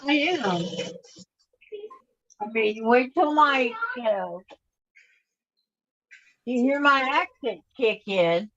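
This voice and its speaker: Slow-talking Texan woman. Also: a little high, fairly bright tone. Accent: Texas. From Texas. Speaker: quilting group member. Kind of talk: casual chat. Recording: dull lo-fi stream audio with faint noise.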